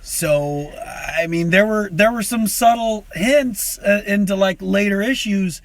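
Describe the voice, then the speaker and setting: High-voiced, hesitant male co-host. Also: measured pace, no echo. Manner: hesitant, many fillers and restarts. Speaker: film reviewer co-host. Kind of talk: casual movie review chat.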